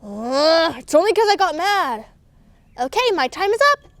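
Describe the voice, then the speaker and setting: Woman voicing all the dolls, very high and girlish, lively swooping pitch, playful squeals. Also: normal speed. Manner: animated, squealing on rides, switching between characters. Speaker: doll play storyteller. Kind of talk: playful doll play voicing every character.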